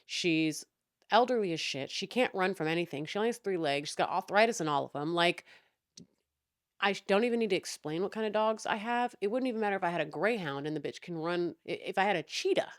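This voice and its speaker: A young woman with a fairly low voice vents about her neighbors in a casual, sarcastic rant, swearing freely. The sound is dry and close, with no room around it. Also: animated, fast, no echo. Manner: exasperated, profane, sarcastic. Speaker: podcast host.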